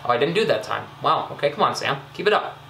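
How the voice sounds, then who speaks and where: A young man casually commenting on his own gameplay, chatty and excitable, scolding himself with frequent ums and uhs. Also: on the high side, quick pace, vocal fry, reverberant, a little hiss or hum. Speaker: gaming YouTuber.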